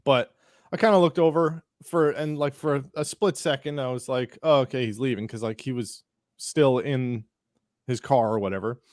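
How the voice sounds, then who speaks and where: A man's voice: medium pitch, normal speed, dry recording, clean studio sound. A man hosting a podcast, telling a rambling anecdote in casual chat, full of restarts and acted-out quotes. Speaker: podcast host.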